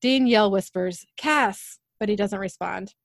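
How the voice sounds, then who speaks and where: A woman's voice: medium pitch, normal speed, no room sound. Woman recapping an episode, dry sound. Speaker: podcast co-host.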